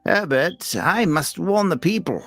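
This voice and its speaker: A man voicing a slow, grave male caller with a Rhode Island accent who warns of the dead rising. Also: a little high, lively intonation, fairly bright tone, dry recording, pitched above the performer's own voice, exaggerated voice. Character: doom-warning male caller, solemn prophet of the dead.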